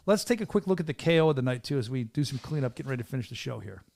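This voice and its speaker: A man hosting a casual podcast from a small studio, talking with an excitable hype-man energy. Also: mid-range voice, very fast, gravelly. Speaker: podcast host and venue announcer.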